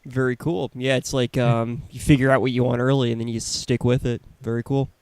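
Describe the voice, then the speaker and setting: A male podcast host gives short remarks in a casual interview. His voice is smooth and resonant, and his delivery stays level, with little rise and fall. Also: mid-range voice, flat delivery, a little fast, a little mellow.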